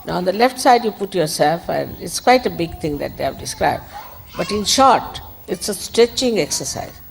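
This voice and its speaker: A woman giving an informal spiritual talk, conversational and digressive, gently admonishing her listeners. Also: fairly low pitch, expressive, moderate pace, creaky, a little hiss or hum, low-quality recording. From India. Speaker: spiritual teacher.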